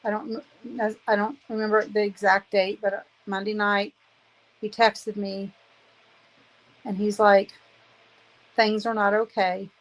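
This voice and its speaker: A woman's voice: medium pitch, little pitch movement, measured pace, long pauses, poor audio. A woman in her fifties giving an emotional personal testimony, aggrieved and earnest, repeating phrases for emphasis. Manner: aggrieved, indignant.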